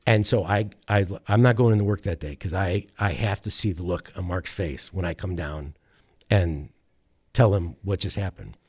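A man's voice: low voice, moderate pace, breathy edge. A man, a sports radio producer, telling a long anecdote in casual chat, rambling with restarts. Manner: rambling, animated anecdote with quoted voices and self-corrections. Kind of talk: casual storytelling.

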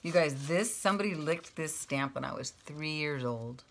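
A woman's voice: deep voice, lively intonation, normal speed. A woman in her fifties chatting casually to camera as she opens fan mail, gushing and exclaiming over each item and reading them aloud as she goes. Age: 50s. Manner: reads items aloud, thinking out loud. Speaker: craft vlogger opening fan mail.

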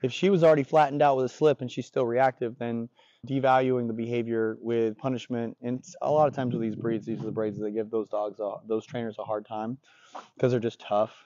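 A man with a warm, relaxed voice talks as a dog trainer, blunt and plain-spoken. He swears casually. The recording sounds dry and dull. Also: mid-range voice, fairly quick, no room sound. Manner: blunt, profane, confident explaining. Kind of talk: casual on-the-job instruction.

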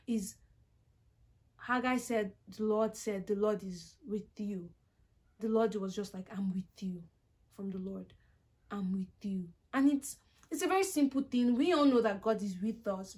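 A young woman speaks to her viewers in a casual, heartfelt vlog. Her voice sits slightly high. She paraphrases verses and encourages listeners with earnest conviction. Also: darkish tone. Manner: earnest, heartfelt, quotes scripture in her own words. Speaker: accounting vlogger. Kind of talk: casual encouraging talk to camera.

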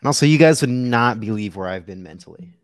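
A man playing a tabletop game tosses out laid-back jokes. His pitch swings up and down lively as he banters. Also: a little fast, crowd noise. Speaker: player.

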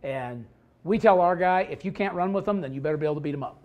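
A man's voice: a little high, quick pace, narrow, tinny audio. A man coaching football, talking bluntly and with humor while he explains a defensive scheme. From Idaho, USA. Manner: blunt, joking, animated storytelling. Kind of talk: coaching clinic talk.

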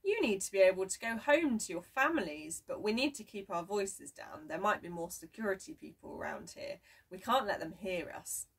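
An excitable, hearty elderly man, as a woman reads him aloud, pressing on with urgent, eager speech. The tone is a touch breathy and husky. He sounds set back from the mic, with some distance in the sound. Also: high voice, normal speed, hardly any pauses, exaggerated voice.

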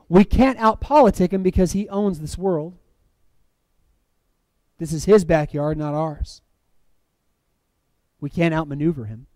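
In church, a high-voiced male preacher delivers a sermon that drops from loud, emphatic lines to hushed, dramatic moments, acting out movie quotes. The recording is dry, with little room echo.

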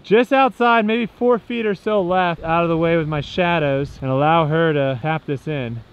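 A man's voice: a little high, normal speed, smooth. Joking man calling mini golf like a sportscaster. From Southern United States. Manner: joking sportscaster-style play-by-play. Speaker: vlog host. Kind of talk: playful golf commentary. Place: outdoor mini golf course. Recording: dull lo-fi outdoor audio with faint noise.

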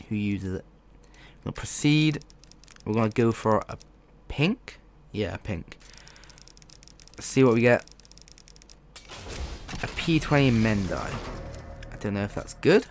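A man commentating as a gaming YouTuber, frustrated and swearing as he pleads with the game. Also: lowish voice. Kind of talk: let's play commentary.

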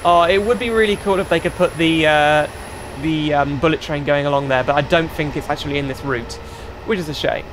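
A man giving let's-play commentary as he drives a train in a game, chatty and thinking aloud, with bursts of excited exclamations. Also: a little high, brisk, slight background noise. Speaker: gaming channel host.

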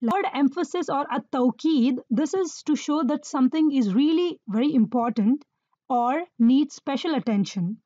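Female teacher, high voice, measured explanatory delivery, dry dull recording. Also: dark tone, dry recording. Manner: measured, explanatory, checks in with "right?". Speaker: Arabic grammar teacher. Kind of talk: lesson explaining Quranic Arabic grammar.

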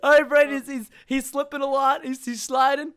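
High-voiced excited young man gaming. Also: brisk. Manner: loud, laughing, shouts encouragement. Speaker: host.

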